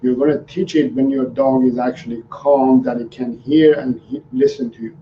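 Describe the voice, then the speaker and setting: A man who trains dogs responds to viewer questions during a live stream in an unhurried, halting manner full of ums and restarts. His pitch is medium. The sound is dull and distant, roomy, with faint noise underneath.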